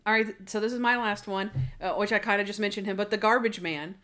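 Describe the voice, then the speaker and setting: Brief: chatty woman co-host, lively recap talk, pops into squeaky character voices, mid pitch. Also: fast talker. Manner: animated, acts out scenes in high squeaky voices. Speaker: podcast co-host. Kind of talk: casual chat.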